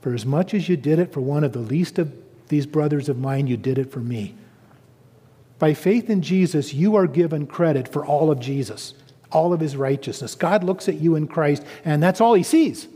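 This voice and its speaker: Animated male preacher in a reverberant hall. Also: a little high, moderate pace, slightly rough. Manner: animated, storytelling, rising to emphatic quotes. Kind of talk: sermon.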